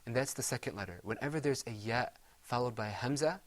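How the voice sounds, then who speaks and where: A man's voice: mid-range voice, fast talker. Patient man teaching Quran recitation. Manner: patient, explains step by step and chants Arabic examples. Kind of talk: televised recitation lesson.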